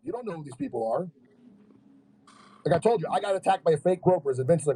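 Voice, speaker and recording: Heated man with a husky voice. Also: sits high, lively intonation, fast talker, mellow, low-quality recording. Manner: heated, argumentative, reads comments aloud and rebuts them. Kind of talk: casual livestream commentary.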